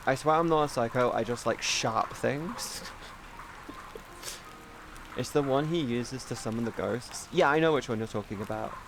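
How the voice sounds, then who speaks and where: Male streamer, mid-pitched, loose and profane, faint patter behind. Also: normal speed, gravelly, pauses often, background noise. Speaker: live streamer. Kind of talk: casual stream chat.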